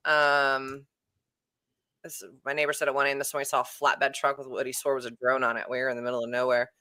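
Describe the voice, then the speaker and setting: A woman co-hosting a casual chat show from home, chatty and quick to laugh, often trailing off mid-thought. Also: rumbling low, flat delivery, bright, forceful tone, no room sound. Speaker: podcast co-host. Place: home room.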